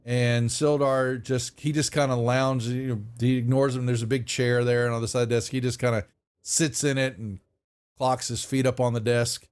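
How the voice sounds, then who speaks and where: A man's voice: mid-range voice, flat delivery, normal speed, clear, resonant tone. A man, narrating a tabletop game as game master in a loose, folksy way.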